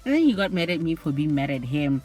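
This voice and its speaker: A woman's voice: low-pitched, very animated, quick pace, dark tone, faint music behind. A young woman telling a personal story to camera in a candid, exasperated way, with plenty of "like". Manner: candid, exasperated, often says "like". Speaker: vlogger.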